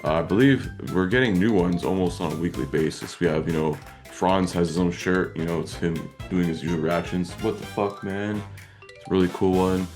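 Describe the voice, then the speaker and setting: Deep laid-back man co-hosting. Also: a little fast, a little mellow, faint music behind. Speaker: podcast co-host. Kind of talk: casual chat.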